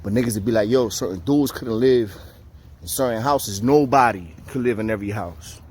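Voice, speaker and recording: A man with a husky, lowish voice recounts his jail time to camera at a moderate pace. His telling is animated and profane, in casual street slang, with the voices of the people in it acted out.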